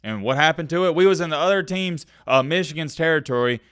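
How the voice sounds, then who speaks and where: A man's voice: fairly high pitch, fast talker, fairly bright tone, clear, resonant tone, dry recording, clean studio sound. A young man giving a frustrated, emphatic sports rant as a vlogger.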